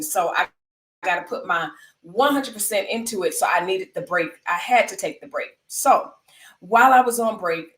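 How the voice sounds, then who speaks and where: A woman's voice: medium pitch, recorded from a distance. A woman from the United States hosting a live stream, commenting on the news and talking to her chat in an emphatic, conversational way that repeats points for stress. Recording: roomy sound, away from the mic.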